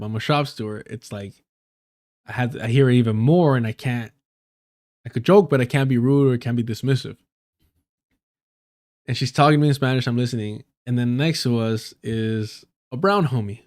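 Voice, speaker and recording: A man hosting a live stream, chatting loosely and swearing often. His tone is joking and full of slang, at an ordinary pitch for a man. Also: a little mellow. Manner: profane, joking, uses a lot of slang. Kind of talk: casual storytelling on a live stream.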